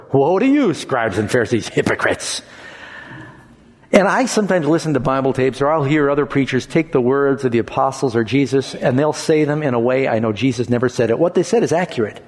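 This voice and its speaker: A man preaching a sermon, expressive, acting out quoted lines in changing tones. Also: mid-range voice. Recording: long hall reverb.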